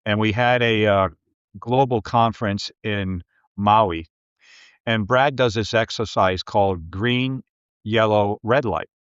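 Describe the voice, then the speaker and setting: A business coach tells stories during a podcast interview, lively and acting out the people he quotes. His voice is lowish, slow, and clean-toned, in a lo-fi recording with no room sound.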